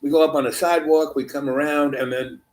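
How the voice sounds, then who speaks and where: A man's voice: fairly high pitch, steady tone, fast, a little mellow. A middle-aged man telling a long personal anecdote in a meandering way, full of fillers and restarts. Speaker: storyteller.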